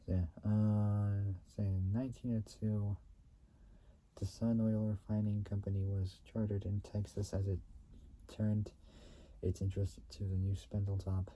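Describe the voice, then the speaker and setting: A man reading company history aloud in a halting way. He stumbles, repeats and restates phrases, and often clears his throat. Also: lowish voice, little pitch movement, mellow.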